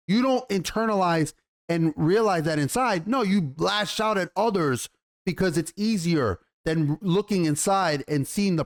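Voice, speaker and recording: A man giving a casual, excited review of a TV episode, rambling and swearing casually as he goes. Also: high-pitched. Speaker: TV show reviewer.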